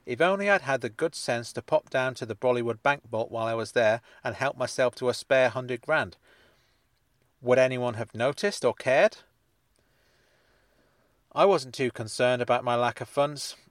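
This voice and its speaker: A man's voice: medium pitch, no room sound. A man reading a first-person story aloud, with a wry, dry sense of humour. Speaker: narrator. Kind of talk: first-person audiobook narration.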